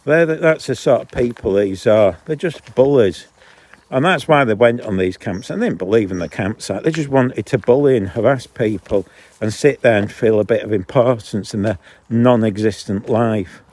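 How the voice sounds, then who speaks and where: A man with a low voice, vlogging while walking his dog along a canal and ranting indignantly between remarks to the dog. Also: moderate pace, a little mellow. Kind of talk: casual outdoor vlog ranting. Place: outdoors on a canal towpath. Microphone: handheld camera.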